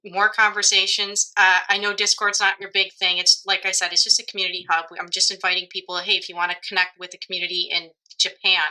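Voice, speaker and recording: A woman's voice: mid-range voice, level tone, quick pace, few pauses, pushed and bright, clean tone, poor audio. A woman hosting a podcast interview, talking in a reflective way and often laughing mid-sentence. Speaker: podcast host. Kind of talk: casual conversational interview.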